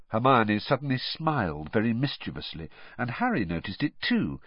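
A man reading a novel aloud as an audiobook narrator in an expressive storytelling manner. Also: medium pitch, normal speed, hardly any pauses, slightly rough, no echo. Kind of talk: scripted narration. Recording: dry, slightly muffled.

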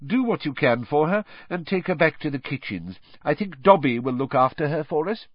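Brief: a man doing a calm old wizard headmaster for an audiobook, measured and raised in pitch, dry and lo-fi. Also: dry recording. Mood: grave. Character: wise old male headmaster, calm, commanding. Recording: dull lo-fi recording.

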